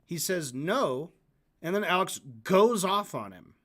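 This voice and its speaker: A man's voice: high voice, lively intonation, a little slow, fairly bright tone. A man hosting a livestream, reacting to clips with sarcastic, casual commentary. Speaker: livestream host.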